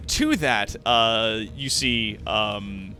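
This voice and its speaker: A man's voice: fairly low pitch, extremely slow, bright, forceful tone, soft background music. A young man narrating a tabletop game as game master, casual, full of fillers and swearing.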